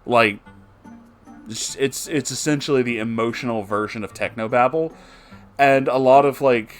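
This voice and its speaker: A man's voice: medium pitch, moderate pace, soft background music. A man hosting a casual, rambling commentary on a fan fiction he is reading. He sounds amused, fills his talk with "like" and "you know", and swears now and then.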